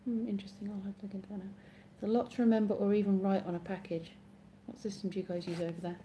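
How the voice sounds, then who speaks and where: A woman with an English accent from Oxfordshire, chatting casually as a live streamer and reading viewer comments aloud. She rambles and corrects herself mid-sentence, in a mellow, warm voice at a middling pitch. A faint hiss of noise sits behind her. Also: flat delivery, very fast. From Oxfordshire, England.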